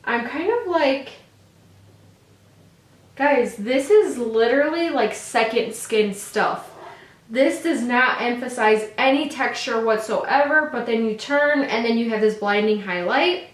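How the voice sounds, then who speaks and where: A woman's voice: a little high, lively intonation, slow pace. A woman giving a casual makeup tutorial in an effusive, gushing way, full of exclamations. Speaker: makeup vlogger. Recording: echoey room.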